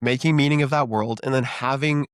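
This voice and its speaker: A man co-hosting a marriage podcast talks quickly, walking listeners through relationship advice and often checking in with "right?". His voice sits at an ordinary pitch. The sound is close and dry, with no room echo. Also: steady tone, clear, resonant tone. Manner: explains with frequent "right?" check-ins. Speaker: podcast co-host, marriage coach. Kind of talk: instructive casual podcast talk.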